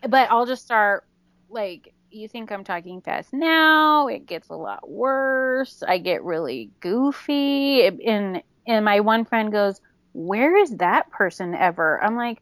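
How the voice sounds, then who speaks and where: Woman, podcast guest, giggly, quick storytelling, slightly high pitch, dry close sound. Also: lively intonation, fairly bright tone, smooth, no echo. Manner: giggly, fast storytelling with acted-out quotes. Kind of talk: casual podcast chat.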